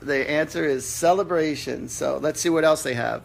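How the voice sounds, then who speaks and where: Gravelly-voiced man giving casual readings. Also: medium pitch, moderate pace, few pauses. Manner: casual, blunt, mild swearing. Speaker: psychic medium host. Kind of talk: live-stream psychic readings. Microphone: computer or phone mic on a live stream.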